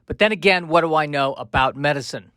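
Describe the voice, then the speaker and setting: A man hosts a comedic podcast, his voice sitting a touch higher than most men's. He rambles from joke to joke with wry, self-deprecating asides. The sound is close and dry, with no room echo. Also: brisk, fairly bright tone, clear, resonant tone. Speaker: podcast host.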